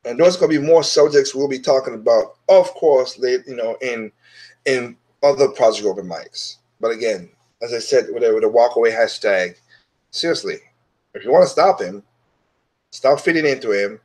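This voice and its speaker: A man's voice: medium pitch, normal speed, a little mellow. A man hosting his own opinion show, talking bluntly and dismissively in a casual monologue that is full of restarts.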